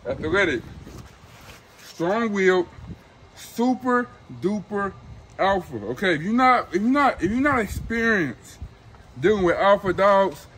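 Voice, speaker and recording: Young dude, high voice, hyped slangy puppy sales pitch on a phone outside, faint noise. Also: male voice, fairly bright tone, poor audio. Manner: hyped, repeats himself, slangy street talk. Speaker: dog breeder. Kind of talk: casual sales video.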